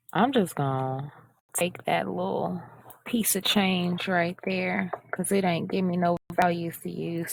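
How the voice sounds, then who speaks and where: A woman hosts a laid-back coding walkthrough on screen-share, talking chattily and mocking herself as she reads the steps out loud. Her voice sits fairly low and sounds gravelly with a darkish tone, in a dry recording.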